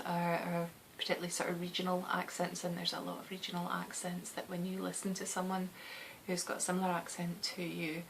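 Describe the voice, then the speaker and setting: A woman in her thirties with a soft West of Scotland accent, rambling chattily on her knitting podcast, often laughing and dropping into a whisper. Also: fairly low pitch, level tone, brisk, vocal fry, slight background noise. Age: 30s.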